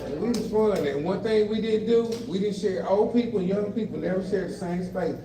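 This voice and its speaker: An older man with a high-sitting voice talks a little fast through a stand-up comedy set, telling family stories and mimicking children and himself. He performs indoors at an adult day center for a live audience, recorded in a roomy live room by a distant mic, with crowd laughter.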